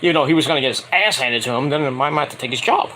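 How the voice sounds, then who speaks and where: A mid-range male voice races along very fast, with a little hiss or hum, recapping a wrestling show in a rambling, profane, casual way. He's animated and voices the wrestlers' quotes mockingly.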